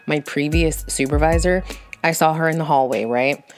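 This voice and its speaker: Blunt, profane woman with a low voice. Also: normal speed, faint music behind. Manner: blunt, profane, fired-up storytelling. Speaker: vlogger venting about work. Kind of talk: casual storytime rant.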